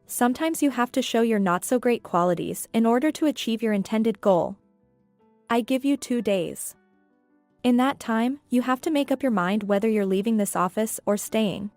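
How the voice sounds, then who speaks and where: A woman voicing a cold, smug male company boss who talks in a coolly taunting, measured way. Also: fairly high pitch, darkish tone, no echo, lightly acted.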